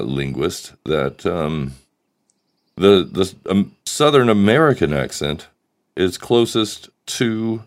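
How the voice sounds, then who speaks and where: A man hosting a podcast, chatting casually and joking around. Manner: jokey, slips into put-on British and deep voices. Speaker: podcast host. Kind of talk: casual chat.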